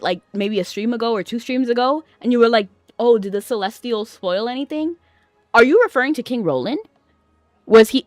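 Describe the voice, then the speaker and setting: A woman streaming a game, chatting excitably and laughing often as she reacts to it. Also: a little high, dry recording. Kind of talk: casual gameplay commentary.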